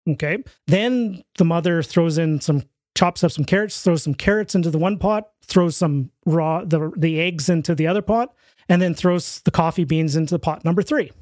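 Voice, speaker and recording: A man with a fairly high voice talks as a podcast guest in a casual interview. He tells his stories with animation and slips into the voices of the people in them. The recording is dry and close, with almost no room sound. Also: normal speed, dry recording. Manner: animated storyteller, acts out quoted voices.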